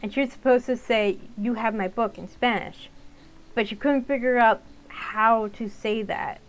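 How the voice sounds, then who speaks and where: A woman's voice: fairly high pitch, unhurried, rough recording. A young woman narrating a visual novel and chatting casually between lines, with fillers. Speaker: gaming channel host. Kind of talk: let's-play narration and casual commentary.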